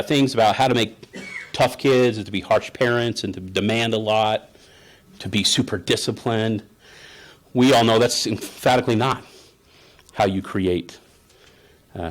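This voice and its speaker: A man, a therapist, giving a conference presentation in a conversational storytelling way and often checking in with the audience. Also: fairly low pitch. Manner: storytelling, acts out parent and child voices; conversational, asks the audience "right?".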